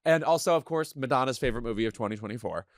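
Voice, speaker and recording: A man hosting a podcast, chatting in a wry, arch, quick-witted way. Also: mid-range voice, expressive, dry recording, studio quality. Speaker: podcast host. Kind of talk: casual chat.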